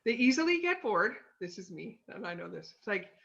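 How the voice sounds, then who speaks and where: A sales consultant gives a laid-back home-office lesson on personality types, chatting with many fillers and "okay?" check-ins. Her mid-range voice is gravelly and fairly bright, swinging widely in pitch at a fairly quick pace, with the highs cut off.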